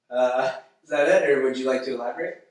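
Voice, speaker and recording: Young male host of a casual review show: rambling and filler-heavy, recorded far off in a boomy room. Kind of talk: casual comedic film review chat. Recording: very echoey room, distant mic.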